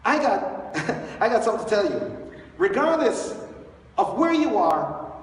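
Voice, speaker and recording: A high-voiced man preaches from a church stage, retelling a story with lively, joking asides. His voice carries from a distance through a big church hall with a long, echoing reverb. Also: a little slow. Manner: animated, storytelling with playful asides. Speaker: pastor. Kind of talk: Easter sermon. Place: large church sanctuary.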